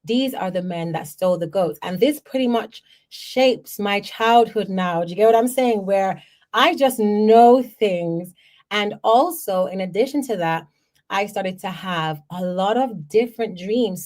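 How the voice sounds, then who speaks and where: A woman from Jamaica, a podcast host telling personal stories in an animated way, often checking in with the listener. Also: mid-range voice. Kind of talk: personal storytelling.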